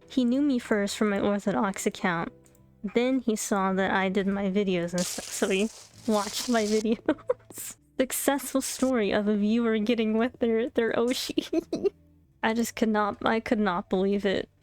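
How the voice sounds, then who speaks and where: A young adult woman streamer telling a story in casual chat, animated and chatty, laughing often and bursting into exasperated disbelief. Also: mid-range voice, measured pace, soft background music. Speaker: VTuber streamer. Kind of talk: casual storytime chat while playing a game.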